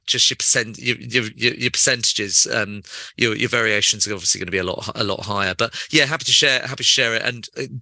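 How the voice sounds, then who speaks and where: A man calling in to a software Q&A, talking casually and stumbling over repeated words. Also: on the low side, dry recording. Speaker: caller, software user. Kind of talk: casual call-in chat.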